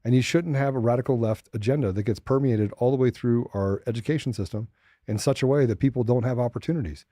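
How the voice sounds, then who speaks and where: Brief: male host ranting, mocking asides, dark mellow voice. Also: medium pitch, fast, no echo, studio quality. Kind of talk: political commentary show.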